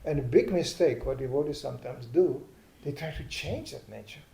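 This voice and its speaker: A man's voice: mid-range voice, normal speed, creaky. Older man preaching in echoey hall. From Czechoslovakia. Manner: animated storyteller, acts out comic voices. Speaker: spiritual teacher. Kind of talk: humorous sermon. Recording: roomy hall echo.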